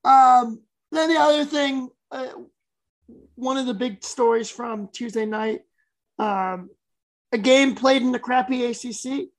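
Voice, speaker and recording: A woman co-hosting a sports podcast in casual, excitable chat that often runs over her co-host. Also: high-pitched, unhurried, low-quality recording.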